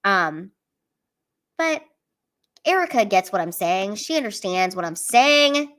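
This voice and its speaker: A woman's voice: medium pitch, animated, slow pace, fairly bright tone. Profane woman hosting a late-night stream. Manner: blunt, profane, earnest pep talk. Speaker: live stream host reading chat. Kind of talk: casual live stream chat.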